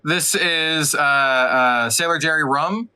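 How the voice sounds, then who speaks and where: A man's voice: a little high, slow, pushed and bright, smooth. A man co-hosting a podcast from the United States, chatting casually, laughing often and swearing freely. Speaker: podcast co-host. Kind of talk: casual chat.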